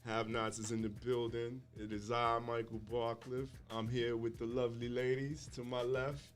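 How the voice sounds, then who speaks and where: A man's voice: medium pitch, little pitch movement, moderate pace, faint music behind. A man hosting a live-streamed podcast in a casual, joking way, teasing his guests. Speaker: podcast host.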